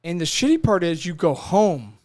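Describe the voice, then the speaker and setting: This high-voiced man in his thirties, a Marine veteran who hosts a podcast, chats casually at normal speed on a dry recording. He gets emotional, swears a lot, and acts out little scenes as he tells stories.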